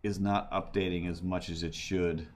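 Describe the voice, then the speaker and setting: A man's voice: deep voice, level tone, moderate pace, darkish tone. A man livestreaming while he draws, telling a story in a rambling way with restarts and laughs. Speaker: livestreaming artist. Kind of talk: casual livestream chat while drawing.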